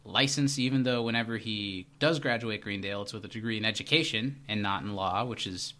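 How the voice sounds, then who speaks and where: A man co-hosting a podcast, chatting casually and playfully about a TV episode, sometimes slipping into quick comic voices. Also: fairly low pitch, bright, forceful tone. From Indiana. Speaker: podcast co-host. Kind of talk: casual chat recapping a TV episode.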